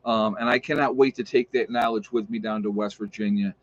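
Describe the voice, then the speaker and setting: A man hosting a casual livestream, chatting and reading out viewer shout-outs with opinionated asides. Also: on the low side, steady tone, brisk, dry recording. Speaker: livestream host. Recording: dull lo-fi stream audio.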